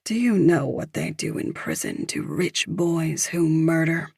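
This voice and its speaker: A woman reading the lines of a calm, tough mother in an audiobook, cool and blunt. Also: sits low, a little slow, gravelly, breathy edge, no room sound, clean studio sound, exaggerated voice.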